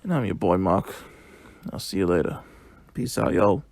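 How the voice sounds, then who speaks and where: Excitable man rambling through a recap. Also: low voice, moderate pace, creaky, no room sound, studio quality. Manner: excitable, rambling, casual storytelling. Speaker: wrestling event reviewer. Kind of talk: casual solo review recap.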